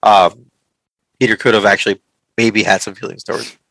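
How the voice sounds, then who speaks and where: Lowish voice guy on a movie podcast, stumbles and restarts a lot, dry close mic. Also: fairly even intonation, fairly quick, gravelly, a bit bright, no echo, poor audio. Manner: hesitant, many restarts and fillers. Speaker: podcast co-host. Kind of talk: casual movie review chat.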